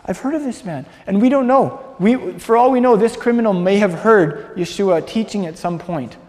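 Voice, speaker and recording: A man's voice: high voice, normal speed, a little mellow. A man preaching, retelling a story earnestly with many restarts and repeated words. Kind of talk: sermon storytelling. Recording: long hall reverb.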